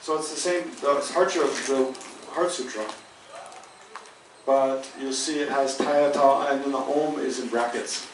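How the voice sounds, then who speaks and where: A man teaches a Buddhist study class in a teaching hall, speaking a little slowly in a medium-pitched, fairly even voice. He thinks aloud patiently during this dharma lecture and often restarts his sentences. The roomy hall is captured by a distant mic, with background noise.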